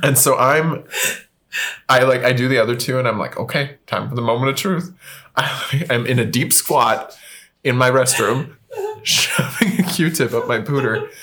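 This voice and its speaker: A young man, a podcast guest, telling a long comic story in casual chat, animated and often laughing. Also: medium pitch, normal speed. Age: young adult.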